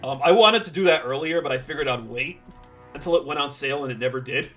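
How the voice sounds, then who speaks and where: A man's voice: medium pitch, fast talker, fairly bright tone, soft background music. A man streaming a game and chatting casually with viewers, rambling with plenty of fillers and dry sarcastic asides. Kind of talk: casual gameplay chat with viewers.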